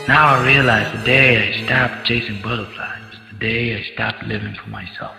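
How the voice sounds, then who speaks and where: A man's voice: lowish voice, steady tone, moderate pace, creaky, hardly any pauses, pushed and bright. A man telling a story in a speech to an audience, in a dramatic way and with questions to the crowd. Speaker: contest speaker. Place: large hall. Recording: echoey hall, dull sound, faint music.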